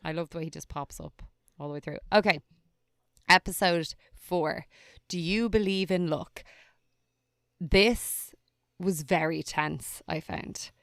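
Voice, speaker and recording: A woman talks through a crime series in a relaxed, amused way, full of "like" and "um". Her voice sits low and comes through smooth and resonant. The sound is close and dry, with no room echo. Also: unhurried, pauses often. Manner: chatty, amused, lots of "like" and "um". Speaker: podcast co-host. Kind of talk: casual recap chat.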